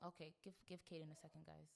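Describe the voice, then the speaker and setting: A woman's voice: low voice, little pitch movement, fast talker, creaky, background noise. A young woman hosting a podcast in a casual, playful, chatty way. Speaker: podcast host. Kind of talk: casual chat.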